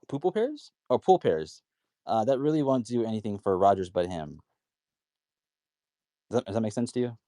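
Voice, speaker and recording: A man's voice: lowish voice, dark tone, no echo, clean studio sound. A man hosting a casual audio chat, loose and joking, with plenty of fillers.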